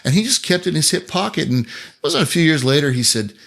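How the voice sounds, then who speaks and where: A man's voice: fairly high pitch, fast, vocal fry. A man, a songwriter guest, telling stories in a casual, chatty interview and acting out what other people said. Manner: animated anecdote-telling, acting out others' lines; loose, chatty phrasing with restarts.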